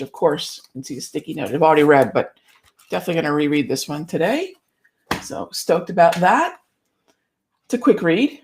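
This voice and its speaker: A woman hosting a casual trading livestream from her office, chatty and upbeat, a little out of breath after exercise. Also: lowish voice. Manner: chatty and upbeat, lots of restarts and asides. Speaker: trading show host.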